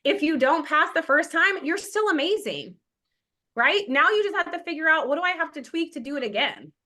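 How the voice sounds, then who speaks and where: A woman's voice: high voice, animated, a little fast, sharp tone. A woman in her thirties, an exam prep instructor giving an emphatic motivational class talk and acting out quoted self-talk.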